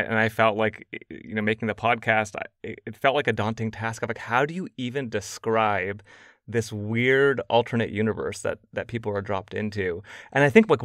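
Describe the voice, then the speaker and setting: A man, a journalist guest on a podcast, speaking reflectively and haltingly as he searches for words. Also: fairly low pitch, fairly bright tone, no echo, studio quality. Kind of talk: podcast interview conversation.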